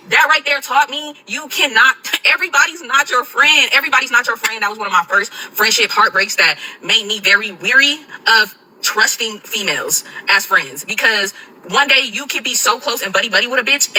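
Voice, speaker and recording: A young woman telling a dramatic storytime to viewers, animated and swearing often. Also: a little high, normal speed, poor audio. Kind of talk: casual storytime to camera.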